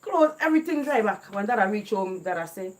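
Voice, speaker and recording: A woman's voice: medium pitch, fairly quick. A young woman with a Caribbean island creole accent, telling stories from her childhood in a casual, laughing way. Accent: Caribbean island creole English. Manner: laughs often while telling stories, lively and animated. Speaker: vlogger. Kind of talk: casual storytelling.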